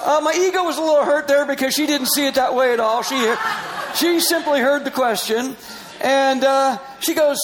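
High-voiced man telling a lively story. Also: normal speed, rough recording. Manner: animated, laughing often, acting out quoted dialogue. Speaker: Christian missionary. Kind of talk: personal storytelling in conversation.

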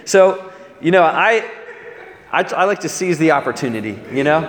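A man preaching, telling a lively story about pranking a friend and acting out both sides of the calls. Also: a little high, normal speed. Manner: animated, laughing storyteller acting out a phone prank. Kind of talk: sermon storytelling. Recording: echoey hall with a crowd.

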